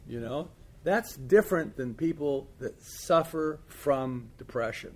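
A man's voice: mid-range voice, unhurried, breathy edge. A man talking as a recovery sponsor in a rambling, blunt way, full of fillers and asides. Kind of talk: casual chat.

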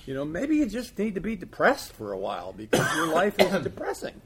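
Gravelly man chatting candidly. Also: on the high side, wildly swooping pitch, brisk, fairly bright tone. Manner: rambling, filler-heavy, blunt. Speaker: AA sponsor. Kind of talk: casual chat.

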